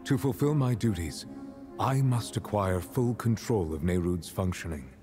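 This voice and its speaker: An actor playing an ancient, solemn male custodian of a world-ship in a video game, speaking in a grave, measured, formal way. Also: lowish voice, animated, lightly acted. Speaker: game character. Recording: game dialogue over loud music.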